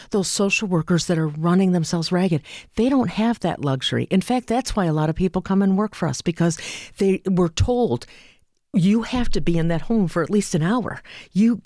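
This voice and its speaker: A woman speaking as a guest in an interview, an animated storyteller who acts out quoted dialogue. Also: fairly low pitch, no echo, clean studio sound. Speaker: hospice and palliative care advocate. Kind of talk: interview conversation.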